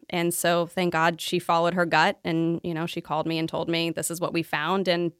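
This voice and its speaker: A woman in her thirties shares her story on a casual podcast in an open, upbeat manner. Her voice is smooth and clear, a little low for a woman. It sits close and dry on the mic. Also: little pitch movement, a little fast, hardly any pauses, a bit bright, no echo. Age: 30s. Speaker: guest. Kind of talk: casual interview chat.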